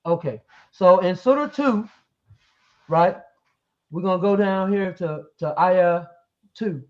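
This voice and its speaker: A man with a high voice argues in a live online debate, reading verses aloud and pressing his opponent with leading questions. The stream audio sounds dull and lo-fi. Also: slow pace.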